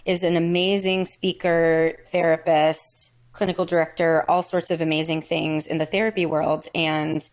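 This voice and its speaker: Woman, podcast host, casual chat, fast storyteller, giggly, lowish voice, dry sound. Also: level tone, no echo. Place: Chicago.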